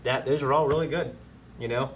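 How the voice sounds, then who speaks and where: A man co-hosting a casual reaction chat, excitable and rambling, full of "you know"s. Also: medium pitch, brisk, a little hiss or hum. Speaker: show co-host.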